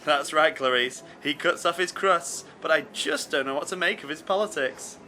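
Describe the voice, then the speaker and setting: A man's voice: fairly high pitch, normal speed, sharp tone, a little hiss or hum. A man from England presenting scripted sketch comedy in a mock-earnest commentator manner. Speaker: radio presenter.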